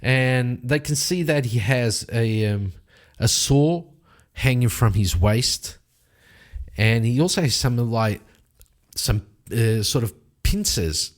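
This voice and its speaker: A man's voice: mid-range voice, expressive, takes it slowly. A man narrating a solo tabletop game in a casual, rambling way, often correcting himself.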